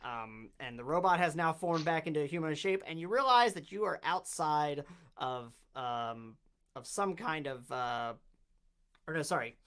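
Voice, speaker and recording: Gm narrating a tabletop rpg, casual, lots of ums and uhs, mid pitch. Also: animated, fairly bright tone, clean tone. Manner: casual, halting narration with many fillers. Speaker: game master.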